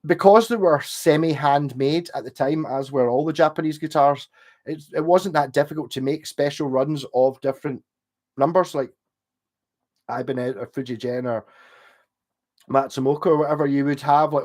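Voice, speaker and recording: A man's voice: on the high side, normal speed, a little mellow. Rambling, sweary man. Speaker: livestream host. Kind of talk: casual livestream chat.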